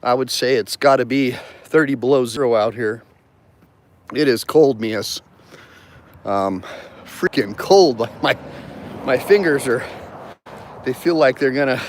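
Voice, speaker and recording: A joking man in his fifties talks casually on a live stream, chuckling between thoughts. His voice sits at an ordinary middle pitch, and the tone stays loose and conversational. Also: expressive, a little slow, long pauses. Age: 50s. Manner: chatty and joking, laughs often. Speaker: attorney hosting a live stream. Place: outdoors in a park on a cold morning.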